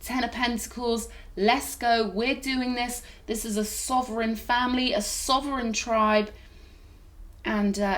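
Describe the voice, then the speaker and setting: A woman's voice: a little high, fairly even intonation, measured pace, fairly bright tone. A woman giving a tarot reading to camera, gushing and reassuring, often checking in with "okay?". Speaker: tarot reader.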